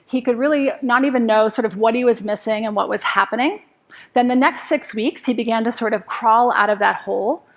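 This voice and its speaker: A woman's voice: a little high, a little fast. A middle-aged woman giving a talk to a live audience, telling a personal story, asking the audience questions and acting out her own anxious inner voice.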